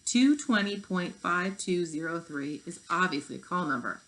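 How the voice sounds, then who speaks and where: A woman voicing a brainy young girl who is an eager library know-it-all, speaking briskly and earnestly. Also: lowish voice, expressive, fairly bright tone, low-quality recording.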